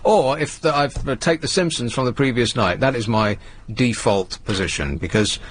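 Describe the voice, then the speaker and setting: A man's voice: mid-range voice, moderate pace, a little hiss or hum. A man from England hosting a radio show, telling rambling, jokey stories in casual chat. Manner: rambling, jokey, animated storytelling. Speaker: radio host.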